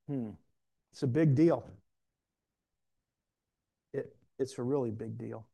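Gravelly, mellow-voiced male pastor. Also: medium pitch, takes it slowly, pauses often. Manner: conversational, self-deprecating storytelling with frequent restarts. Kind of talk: sermon.

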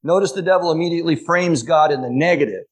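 A pastor preaching a sermon, emphatic, slowing down to stress key phrases. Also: male voice, fairly high pitch, breathy edge.

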